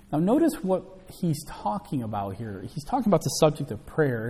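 A male pastor preaches with a lively, rising-and-falling delivery and leans hard on key words as he reads and explains scripture. His voice is mellow and a little husky, and it rings out through a hall with a long reverb. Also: medium pitch. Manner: emphatic, animated preaching with scripture reading. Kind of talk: sermon, Bible teaching.

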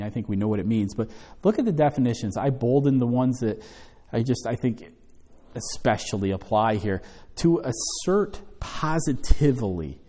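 A man's voice: medium pitch, warm tone. A man teaching a Bible study, emphatic, stressing and repeating key words and asking rhetorical questions. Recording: long hall reverb.

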